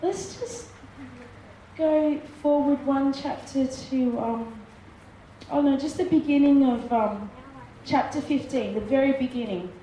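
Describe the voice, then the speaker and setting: High-voiced woman preaching in an echoey hall. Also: unhurried, warm tone, a little hiss or hum. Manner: emphatic, repeating words for effect. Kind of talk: sermon with Bible reading. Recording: echoey room with faint ambience.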